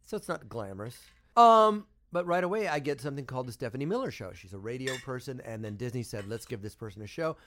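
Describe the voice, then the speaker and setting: A man in his fifties, a voice actor guest, telling stories in casual chat with sudden jumps into high voices. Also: fast talker, a little hiss or hum. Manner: animated storyteller, bursts into high voices.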